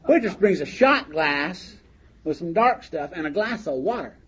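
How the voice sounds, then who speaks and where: A man's voice: a little high, lively intonation, normal speed, a bit bright. An older man sharing a humorous story of his own at a recovery meeting, in a folksy manner and laughing along with his own words. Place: meeting hall. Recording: dull lo-fi recording with faint hiss.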